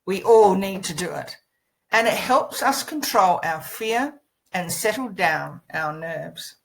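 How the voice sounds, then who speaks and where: Picture a woman coaching listeners through voice habits, her pitch rising and falling freely as she talks. She demonstrates phrases with varied emphasis and sings short practice scales. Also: lively intonation, slow, creaky, low-quality recording. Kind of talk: instructional lesson.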